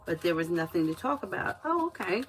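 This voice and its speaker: A woman's voice: on the low side, brisk, loud music behind the voice, low-quality recording. A woman giving tarot readings on a live stream, chatty and giggly as she tells stories between readings. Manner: chatty and giggly, lively storytelling. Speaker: tarot reader.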